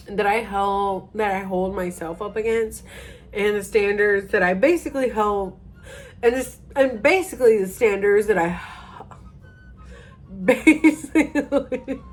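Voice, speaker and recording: A woman talks through a casual vlog at an unhurried, drawn-out pace, a bit tipsy. She rambles, mocks herself and loses her thread before starting over. Faint music plays quietly in the background. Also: medium pitch. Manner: rambling, self-mocking, trails off and restarts. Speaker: vlogger.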